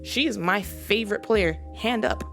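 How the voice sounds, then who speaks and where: A woman's voice: mid-range voice, moderate pace, vocal fry, soft background music. A woman hosting a basketball commentary channel, ranting with mock-serious sarcasm in a rambling way.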